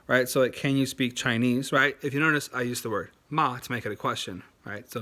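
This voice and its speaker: Guy talking through language tips off the cuff, bright voice, lots of ums and restarts. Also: medium pitch, fast. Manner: chatty, many fillers and restarts, demonstrates words aloud. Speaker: language learning video host. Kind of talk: casual explainer to camera.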